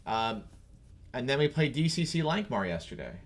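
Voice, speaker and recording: A man's voice: mid-range voice, big pitch swings, normal speed. Teasing man co-hosting a game stream. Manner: teasing, loose and rambling. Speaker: podcast co-host. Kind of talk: casual livestream chat.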